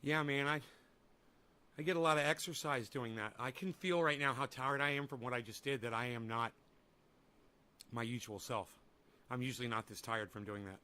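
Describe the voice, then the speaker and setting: A man hosts a livestream while sick and a little winded, speaking at normal speed with long pauses in a mid-range voice. His tone is bright, forceful and smooth. He rambles, swears freely, and talks to both his dog and his chat.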